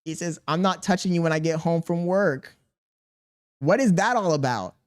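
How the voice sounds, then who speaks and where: Exasperated male streamer, higher voice. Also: normal speed. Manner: exasperated, defensive venting with slang. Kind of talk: live-stream chat reading.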